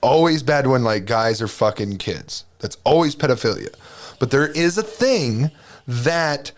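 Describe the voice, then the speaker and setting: A man's voice: mid-range voice, animated, unhurried. Laughing, rambling male comedy podcaster. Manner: laughs a lot, rambling and profane. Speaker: podcast co-host. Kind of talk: crude casual comedy chat.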